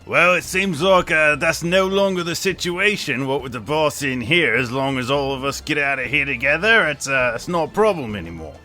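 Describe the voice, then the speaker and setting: A man in a tabletop game, asking blunt questions in a deadpan way. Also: on the high side, moderate pace, few pauses, soft background music. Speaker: player. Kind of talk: tabletop role-play.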